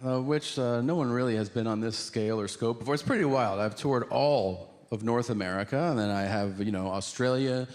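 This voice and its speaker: A man's voice: medium pitch, fairly quick, few pauses. A male stand-up comedian telling a story on stage, acting out each side of the dialogue. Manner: animated storytelling, acting out both sides of dialogues. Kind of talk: stand-up set. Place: theater stage. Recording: live in a big hall with loud ambience.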